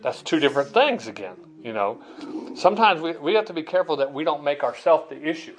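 A man's voice: fairly high pitch, lively intonation, a little fast, breathy edge, poor audio. A middle-aged male pastor giving a sermon in a conversational manner, often restarting and repeating words as he talks.

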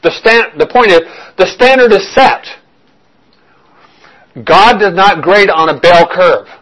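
A man's voice: high-pitched, expressive, slow, a bit bright, poor audio. A man preaching a verse-by-verse sermon in a conversational way, often checking in with his listeners and repeating phrases as he works through a point. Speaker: pastor.

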